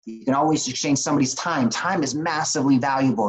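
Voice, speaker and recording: Interview guest, male, mid pitch. Animated, plain-spoken motivational storyteller. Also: low-quality recording. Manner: animated, plain-spoken, repeats words in quick restarts. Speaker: interview guest, business coach.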